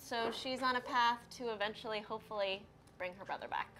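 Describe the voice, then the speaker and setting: A woman's voice: on the high side, brisk, a bit bright, a little hiss or hum. Upbeat woman talking to stream viewers. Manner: upbeat, addresses viewers directly. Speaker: player and co-host. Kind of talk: casual chat on a livestream.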